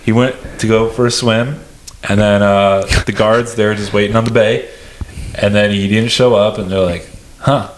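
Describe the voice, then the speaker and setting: A young man with a fairly low voice co-hosts a casual podcast, tossing off crude jokes. A faint hiss of noise sits under the recording. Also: fairly even intonation, normal speed. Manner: joking, crude banter. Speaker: podcast co-host. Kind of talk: casual chat.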